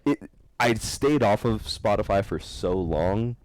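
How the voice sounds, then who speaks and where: A man hosting a podcast, telling stories in a rambling, animated way and laughing often. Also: on the low side, takes it slowly, dry recording. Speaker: podcast host. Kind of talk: casual podcast chat.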